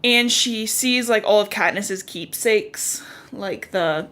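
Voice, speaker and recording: A young woman hosting a book podcast, who talks through the plot in a loose, chatty way. She swears freely and fills her lines with "like" and "um". Her voice is bright and forceful at a middle pitch. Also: slow pace. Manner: chatty, profane, uses many fillers. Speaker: podcast host. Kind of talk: casual book recap chat.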